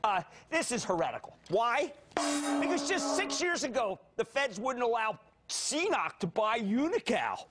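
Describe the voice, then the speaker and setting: A man in his fifties with a Philadelphia accent, hosting a high-energy financial TV show, theatrical and given to sudden shouts and quick jokey asides. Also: sing-song, heavy background noise. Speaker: TV market commentator.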